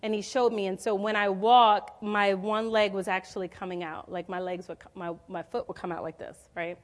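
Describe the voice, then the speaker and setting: A woman's voice: medium pitch, steady tone, normal speed. A woman in her forties preaching a sermon in a conversational, storytelling way, calling out questions to the congregation. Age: 40s.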